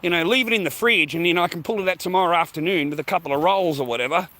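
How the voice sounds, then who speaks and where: This Australian man speaks very fast in a high-pitched, sharp-toned voice while walking outdoors and vlogging. His casual rant is rambling, profane and slangy, and he's slightly breathless.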